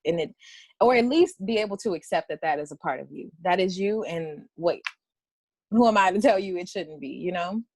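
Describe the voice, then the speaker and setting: A woman's voice: on the low side, lively intonation, moderate pace, darkish tone, dry recording. A woman poet speaking candidly in an interview conversation, rambling through restarts and laughs, sometimes near tears. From Washington, D.C. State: tearful at times. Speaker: poet and guest.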